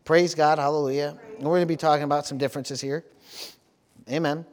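A man's voice: a little high, little pitch movement, fast talker, darkish tone. A man preaching a sermon as pastor, often stopping for amen, praise the Lord and hallelujah, repeating words as he goes. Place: church service.

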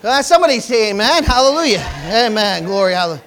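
A man preaching a sermon in a strikingly high voice. He swings between fervent shouting and quieter teaching, with hallelujahs and praise calls breaking into his lines. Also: very animated, fast talker. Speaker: pastor.

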